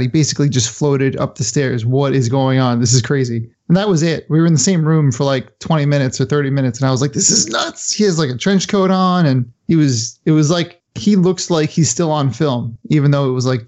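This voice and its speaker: Man, slightly high voice, rambling filler-heavy chat, dull lo-fi sound. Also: a little mellow. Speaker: podcast panelist. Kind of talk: casual group chat.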